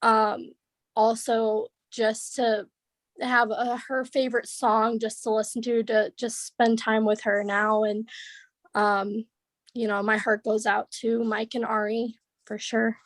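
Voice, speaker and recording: A young woman sharing halting, tearful memories of her godmother on a video call. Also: fairly high pitch, flat delivery, no echo. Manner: halting, many fillers, tearful. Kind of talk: emotional memorial tribute.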